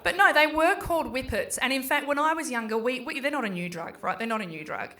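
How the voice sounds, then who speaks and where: A middle-aged Australian woman performing a stand-up comedy set in a small pub, chatty and swearing freely as she acts out her kids in quick voices. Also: high-pitched, lively intonation, crowd noise.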